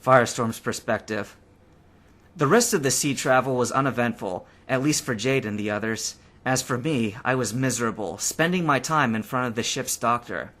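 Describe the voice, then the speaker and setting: A man reading first-person fanfiction aloud in a lively, expressive way. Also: mid-range voice, normal speed. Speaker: audiobook reader.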